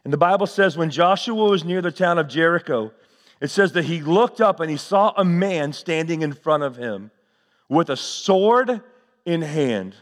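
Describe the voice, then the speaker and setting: A man preaches a sermon with a voice pitched high for a man. He questions the congregation and swells and drops his delivery. A long reverb from the church hangs behind every line. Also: expressive, moderate pace. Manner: preacher's call-and-response, rising and falling delivery. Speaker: pastor.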